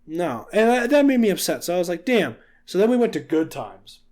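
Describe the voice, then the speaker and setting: His voice sits high and moves a little fast as he, a twenty-something podcast co-host, relates a story in casual conversation. He curses freely and acts out other people's lines with lively energy.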